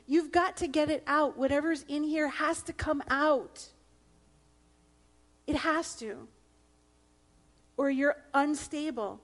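High-voiced woman pastor preaching earnestly. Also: takes it slowly, long pauses. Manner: earnest, emphatic, drops to a hush at times. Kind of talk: sermon.

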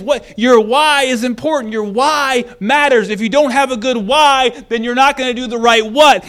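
A male pastor preaching a sermon, talking in animated swings between loud, pressing lines and hushed, quiet ones. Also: high-pitched.

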